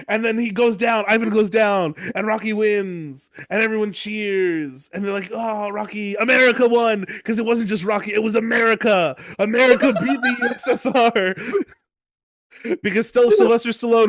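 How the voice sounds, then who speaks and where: Podcast co-host, male, high voice, dry close sound, animated storyteller who acts out scenes. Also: no echo. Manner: excitable storyteller, acts out lines, laughs often. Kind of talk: casual chat, retelling a movie plot.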